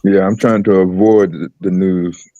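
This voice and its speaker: A man's voice: low voice, fairly even intonation, unhurried, dark tone, no room sound, dull audio. A man chiming in during a casual chat with short, curious questions. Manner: brief, inquisitive interjections.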